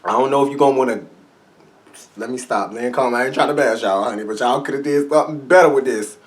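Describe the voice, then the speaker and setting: A man's voice: mid-range voice, fast. A man reviewing makeup products in a vlog, talking straight to his viewers in a sassy, flamboyant, salty way. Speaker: beauty vlogger.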